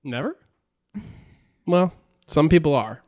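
A man's voice: fairly high pitch, expressive, slow, darkish tone. A man co-hosting a podcast in casual chat, rambling with lots of filler words and frequent laughter. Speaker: podcast co-host.

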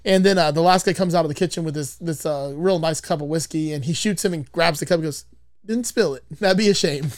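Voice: mid-range voice, steady tone, fast, few pauses, no echo. A podcast host casually retelling a movie's plot, rambling with frequent swearing.

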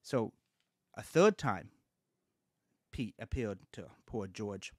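A man's voice: on the low side, animated, takes it slowly, no room sound, clean studio sound. A man hosting a casual podcast chat, telling local ghost stories and acting out quoted lines along the way. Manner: chatty, acts out quoted lines with small voice shifts.

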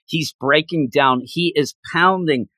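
A man with a slightly high voice talks casually as a co-host, retelling a story with feeling and acting out the characters' lines. The recording is dry and close, with no room sound. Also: measured pace, pushed and bright, no room sound. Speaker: podcast co-host recapping a game. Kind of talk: casual chat.

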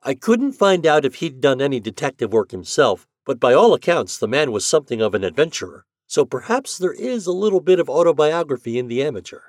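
A man's voice: a little high, very animated, brisk, few pauses, no room sound, clean studio sound. A man who hosts an audio fiction podcast and narrates classic stories in a friendly, conversational manner. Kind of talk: scripted narration.

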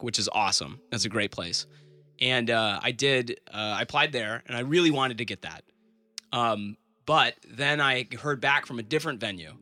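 Male comic as podcast guest: bright, lively, rambling anecdotes. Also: medium pitch. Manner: animated storytelling, laughs often, fillers like "like". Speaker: podcast guest, stand-up comedian. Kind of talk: casual interview chat.

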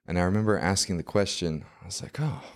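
Brief: low-voiced male guest, chatty storyteller, loose and filler-heavy. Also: quick pace. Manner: rambling, filler-heavy, acts out quotes. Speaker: podcast guest. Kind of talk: casual storytelling.

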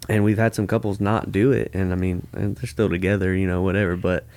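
A man's voice: sits low, flat delivery, quick pace, a little mellow. A man chatting casually, earnest and encouraging. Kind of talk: casual chat.

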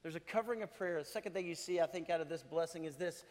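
A man's voice: fairly high pitch, fast talker, darkish tone. A middle-aged male pastor giving a conversational sermon, chuckling and asking the congregation questions. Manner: conversational preaching with laughs and asides. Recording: long hall reverb.

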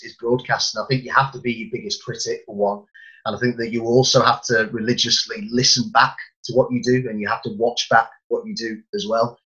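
Football commentator guy talking shop, bright voice, keeps repeating words, bit muffled. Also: mid-range voice. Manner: earnest, repeats words when starting sentences. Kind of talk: casual chat.

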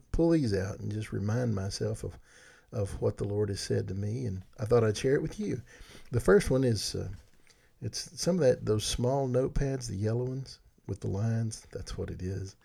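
A man's voice: on the low side, gravelly, warm tone, slightly rough. A middle-aged man casually telling a rambling, folksy story to his viewers, with restarts and asides. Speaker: vlogger.

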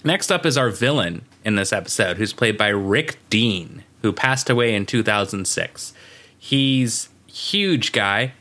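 Bright-voiced man rattling off trivia. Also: fairly low pitch, animated, unhurried. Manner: chatty trivia rundown with asides and fillers. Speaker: podcast co-host. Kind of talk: casual chat.

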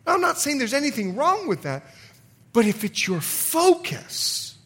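A middle-aged man, a pastor, preaching a sermon in an animated way, acting out quotes and laughing often. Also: extremely high pitch, unhurried.

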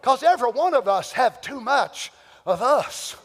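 A man preaching a sermon, dropping to near whispers and then rising into emphatic shouts. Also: extremely high pitch, animated, unhurried. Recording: long hall reverb.

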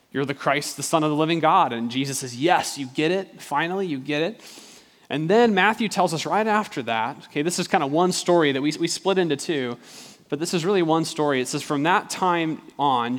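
A man preaching a sermon in a conversational way, repeating words as he talks and slowing down to read scripture aloud. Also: on the high side. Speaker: pastor. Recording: long hall reverb.

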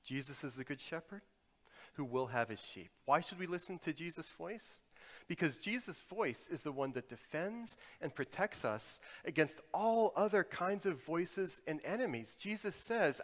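A man preaching a sermon as a pastor, moving between loud, emphatic stretches and quiet, intimate ones. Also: fairly high pitch, expressive, moderate pace. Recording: long hall reverb.

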